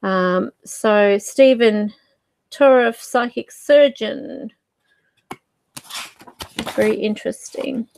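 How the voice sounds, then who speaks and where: A woman's voice: mid-range voice, drawn-out words, creaky, long pauses, darkish tone, a little hiss or hum. A woman hosting her own channel, talking casually to camera as a psychic medium, rambling and searching for words with fillers. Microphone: desk mic.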